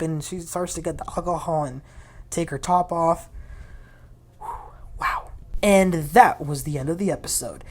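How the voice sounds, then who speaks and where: A woman's voice: lowish voice, expressive, a little slow, a little mellow. A woman hosting a casual, opinionated recap of a reality TV episode. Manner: chatty, opinionated, quotes the cast. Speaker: TV recap host.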